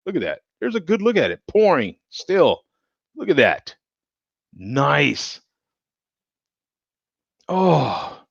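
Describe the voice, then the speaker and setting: A man hosting a casual beer review, talking slowly with a lot of rise and fall in his voice. He thinks aloud in an unhurried way as he pours and sniffs a beer. The sound is dry and a little dull, like a simple lo-fi home setup. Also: a little high, gravelly, breathy edge, no room sound. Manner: relaxed, thinking aloud while sniffing and tasting. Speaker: beer review show host.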